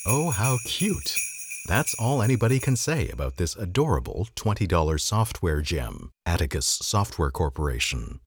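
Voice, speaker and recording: A very deep-voiced man with a husky, slightly breathy tone reads an old magazine article aloud as a podcast host. His pitch moves a lot, lending a dry, wry lilt to the text. The sound is close and dry, with no room around it. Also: big pitch swings, normal speed, few pauses, dry recording.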